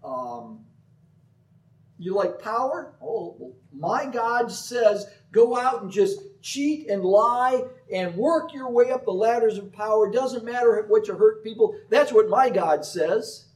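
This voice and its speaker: A man voicing a flattering male false prophet who tells listeners whatever they want to hear. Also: high voice, slow pace, voice pushed up. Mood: wheedling. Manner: wheedling, eager. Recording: voice from far off the mic.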